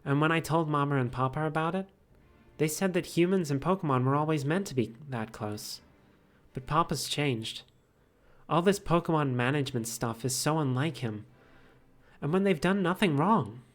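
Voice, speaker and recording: A man's voice: fairly high pitch, moderate pace, soft background music, close to an everyday voice. A man reading the lines of a wistful, caring young woman from a game, in a plain voice. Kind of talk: reading game dialogue aloud.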